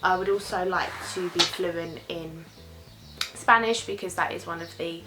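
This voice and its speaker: A woman's voice: lowish voice, unhurried, noisy background. A young British woman chatting casually as she answers viewer questions in a vlog, rambling and sometimes losing her train of thought.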